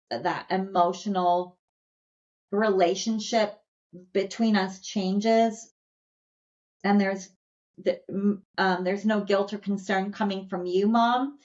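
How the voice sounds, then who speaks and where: A woman voicing a sweet, sensitive young male dog, speaking in a gentle, earnest, halting way. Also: medium pitch, lightly acted. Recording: slightly dull lo-fi audio.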